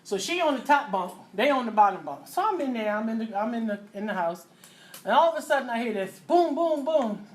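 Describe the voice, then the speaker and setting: A middle-aged woman, telling a personal story as a mother. She talks in a lively way, acting out voices and sound effects with loud bursts. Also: fairly high pitch, a little fast. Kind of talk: animated storytelling to an audience.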